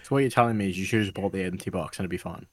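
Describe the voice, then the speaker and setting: Fast-talking, blunt low-voiced man. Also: no echo. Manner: blunt, dry teasing. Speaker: podcast co-host. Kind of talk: casual chat.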